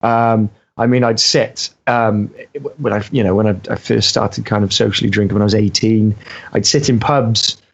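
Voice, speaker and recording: A man's voice: on the low side, fairly even intonation, moderate pace, vocal fry, breathy edge. Welsh man, hesitant, lo-fi sound. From Wales. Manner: hesitant, many ums and uhs. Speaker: guest voice actor. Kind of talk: casual interview chat. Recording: dull lo-fi audio.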